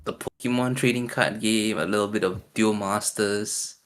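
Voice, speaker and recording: Chill guy on a podcast, lowish voice, keeps answers short. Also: steady tone, moderate pace, fairly bright tone. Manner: easygoing, brief replies. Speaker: podcast co-host. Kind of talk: casual chat.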